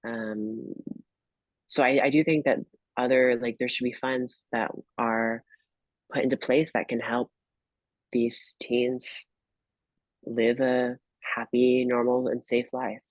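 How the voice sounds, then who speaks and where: A man's voice: mid-range voice, little pitch movement, slow, pauses often, no echo, poor audio. A young man, a guest tarot reader, chatting casually and hesitantly, full of fillers and restarts. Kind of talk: casual chat.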